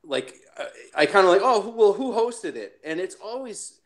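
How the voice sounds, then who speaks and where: A man's voice: high-pitched, big pitch swings, normal speed, a bit bright. A man from Massachusetts, a podcast guest, rambling in casual profane chat with many restarts and laughs.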